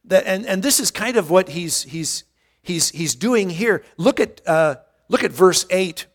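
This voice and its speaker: A man's voice: high-pitched, animated, a little slow. A man preaching a sermon as pastor, earnest and emphatic, repeating his key points and often restarting his phrases.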